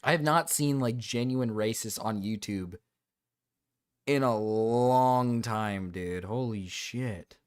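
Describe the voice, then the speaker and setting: A man's voice: medium pitch, slow. A man streaming, giving casual reaction commentary, laughing often, swearing and repeating himself.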